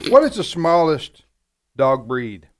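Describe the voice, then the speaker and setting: A man's voice: a little high, very animated, slow. A man hosting a radio trivia show, talking in a joking, rambling, self-deprecating way in a studio. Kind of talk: casual radio trivia banter.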